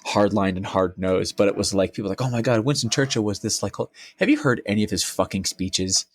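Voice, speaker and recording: A young man co-hosting a casual podcast, rambling and profane as he tells animated stories. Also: lowish voice, fast talker. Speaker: podcast co-host. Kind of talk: casual chat.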